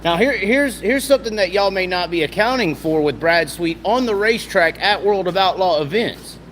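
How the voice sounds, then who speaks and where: A man's voice: high-pitched, animated, moderate pace, a bit bright, a little hiss or hum. A man with a Southern US accent giving rambling, casual racing commentary, repeating himself and using folksy slang, just woken up. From American South. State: just woken up, clearing throat.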